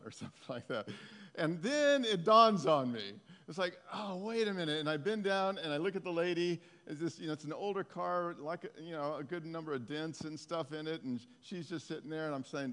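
A man telling a lively testimony story to a congregation, laughing often. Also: fairly high pitch, in a large hall.

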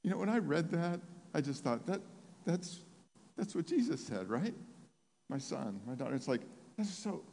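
A man preaching a sermon, telling a story with lots of restarts, growing animated and excited as he retells it. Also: on the high side, a little slow, pauses often. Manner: animated, rising to excited near-shouting while retelling. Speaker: pastor. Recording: long hall reverb.

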